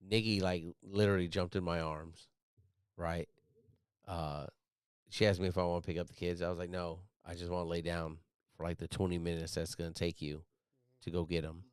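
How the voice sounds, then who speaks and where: Guy in his 30s, low smooth voice, rambly earnest podcast talk, dry close mic. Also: level tone, brisk, no room sound. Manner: earnest, rambling with many fillers. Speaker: podcast host. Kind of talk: casual chat.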